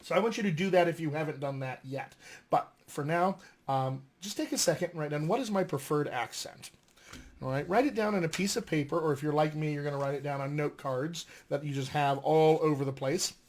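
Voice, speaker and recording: Filmed at home with flashcards, a man who coaches dialects teaches a casual lesson in a mostly General American accent. His voice is a little high and fairly quick, and his delivery is lively and conversational with frequent fillers.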